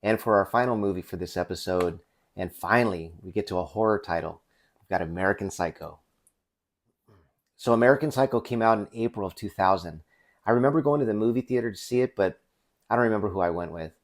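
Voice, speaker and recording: Male host in his forties, deeper register, loose unscripted review delivery that trips over itself often. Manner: rambling, with many restarts and fillers. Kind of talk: casual unscripted movie review.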